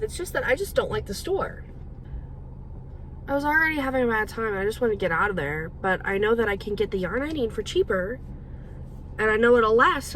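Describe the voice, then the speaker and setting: A young woman vlogging, telling a rambling story in an animated, chatty way with quick asides. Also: medium pitch, a little hiss or hum, poor audio.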